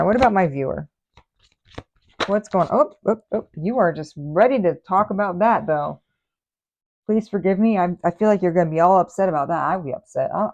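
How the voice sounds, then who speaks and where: Sassy low-voiced gravelly woman. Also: muffled recording, background noise. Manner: sassy, exasperated asides. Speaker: tarot reader. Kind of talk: casual tarot reading.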